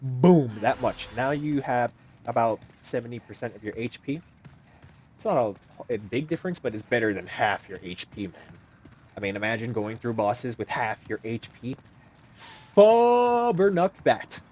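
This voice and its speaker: A young man giving casual, animated commentary over a video game, joking and talking back to the characters on screen. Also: mid-range voice, moderate pace, slightly rough. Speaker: gaming YouTuber.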